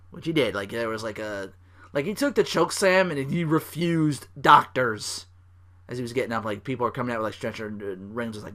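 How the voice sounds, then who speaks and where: A young man hosting a podcast, recapping wrestling in a rambling, casual way, swearing freely and acting out wrestlers' lines in loud bursts. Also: medium pitch, normal speed. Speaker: podcast host.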